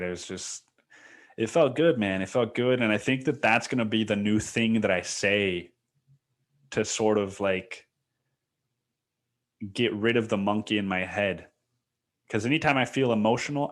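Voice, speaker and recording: A man's voice: on the low side, a bit bright. Candid young man rambling on a podcast. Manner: rambling and candid, says "dude" and "man" often, swears casually. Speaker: podcast host. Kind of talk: casual solo podcast monologue.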